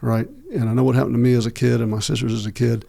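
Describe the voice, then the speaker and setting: Gravelly low-voiced man. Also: little pitch movement, warm tone. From United States. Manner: slow, halting, many fillers and restarts. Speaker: podcast guest. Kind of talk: long-form interview storytelling.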